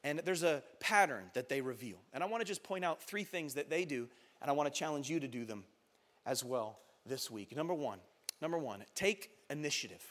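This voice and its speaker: A man in his thirties preaching a sermon as pastor, passionate and building to loud exhortation, acting out quoted voices. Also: fairly high pitch, expressive, fairly quick.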